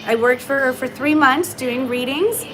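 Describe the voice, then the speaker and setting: A middle-aged Canadian woman chatting casually and warmly on a livestream, full of ums and restarts, about heartfelt topics. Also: high-pitched, normal speed, over music, rough recording. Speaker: intuitive reader and shop owner. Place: aboard a cruise ship. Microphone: phone livestream.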